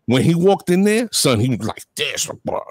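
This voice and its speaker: Casual co-host dude, slangy, keeps restarting, lively pitch, dry close sound. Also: male voice, no room sound. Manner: halting, slangy, lots of restarts. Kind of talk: casual chat.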